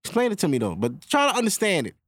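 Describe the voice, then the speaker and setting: A man's voice: high-pitched, wildly swooping pitch, a bit bright, dry recording, studio quality. A man, hosting a podcast in a loose, profane solo monologue. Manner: loose, profane, acts out quick back-and-forth voices. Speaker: podcast host. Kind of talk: casual monologue.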